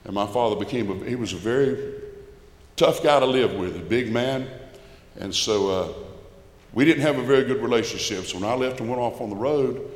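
An older man from Albany, Georgia, speaking at a moderate pace in a mid-range voice, gives a folksy, emphatic personal testimony to a church congregation. The recording carries the long reverb of an echoey church hall.

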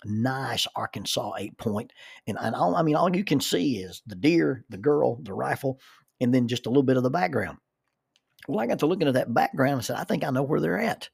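A man's voice: medium pitch, animated, brisk, vocal fry, a little mellow, husky, dry recording. Guy telling stories, folksy, stumbles over his starts, dry room. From southern United States. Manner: folksy, repeats words when starting sentences. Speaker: storyteller. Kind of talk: personal storytelling.

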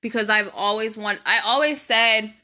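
A woman's voice: on the high side, normal speed, sharp tone. A young woman telling a casual story to her viewers, chatty and devout, calling them y'all, with her allergies acting up. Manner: chatty, addresses viewers as y'all, prayerful asides. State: allergies, itchy nose. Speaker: vlogger.

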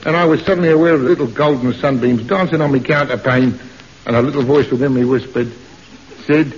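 A man's voice: mid-range voice, quick pace. A middle-aged man in a 1950s British radio comedy, playing a bashful, lovestruck tough. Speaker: comic co-star in a radio sitcom. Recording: dull old radio recording.

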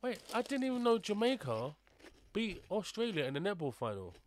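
A man co-hosting a podcast, animated and playful, often laughing and arguing in casual chat. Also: sits high, fairly quick, slight background noise. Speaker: podcast co-host.

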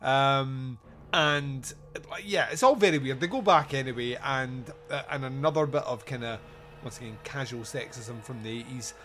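A man's voice: mid-range voice, moderate pace, fairly bright tone. A man hosting a podcast, reviewing a movie in casual chat, sarcastic and rambling with frequent laughs. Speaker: podcast host.

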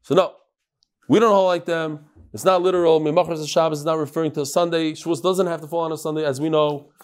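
A man teaching a Talmud class in a lively, joking lecture style, sometimes chanting phrases. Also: a little high, fast talker.

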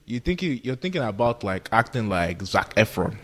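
A young man co-hosting a podcast, talking in a casual, boastful and animated way, swearing freely. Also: fairly low pitch, brisk. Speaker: podcast co-host. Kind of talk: casual chat.

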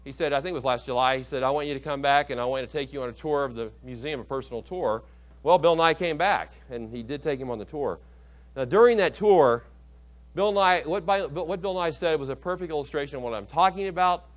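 A man's voice: on the high side, brisk. Emphatic preaching man. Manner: emphatic, with rhetorical questions to the congregation. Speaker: pastor. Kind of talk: sermon. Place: church auditorium.

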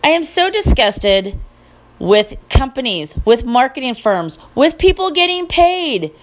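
A middle-aged woman hosting her own podcast, talking casually in an animated, indignant and sarcastic way. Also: on the high side. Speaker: podcast host. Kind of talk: casual solo podcast rant.

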